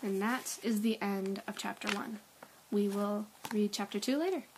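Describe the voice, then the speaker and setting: A woman's voice: mid-range voice, moderate pace, slight background noise, poor audio. A woman reading a children's book aloud, breaking off now and then for chatty asides. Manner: chatty asides, laughs at own tries. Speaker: storybook reader.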